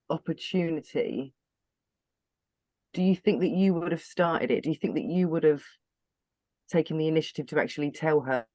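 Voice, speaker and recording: A man hosting a podcast, asking gentle, probing questions. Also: a little high, dry recording. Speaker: podcast host.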